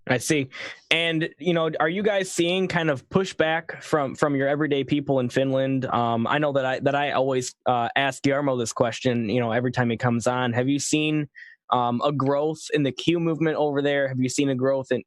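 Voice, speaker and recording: A man's voice: medium pitch, fairly even intonation, moderate pace, dry recording. A man from the United States hosting a casual discussion, asking rambling questions full of fillers. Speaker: show host.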